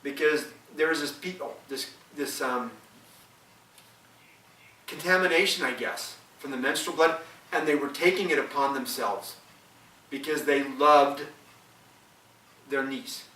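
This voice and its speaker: A man's voice: medium pitch, unhurried, long pauses, pushed and bright. A man telling a traditional legend aloud, repeating phrases and stopping to explain old customs. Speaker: storyteller. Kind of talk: oral storytelling of a legend. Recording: roomy, from a distance.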